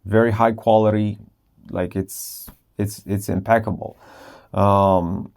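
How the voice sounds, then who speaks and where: Man, tired, rambling vlog talk, lowish mellow voice, small clip-on mic. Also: steady tone, slow pace, gravelly. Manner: rambling, self-interrupting, sometimes whispering. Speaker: vlogger testing a microphone. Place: at home, late at night. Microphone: small wireless clip-on mic.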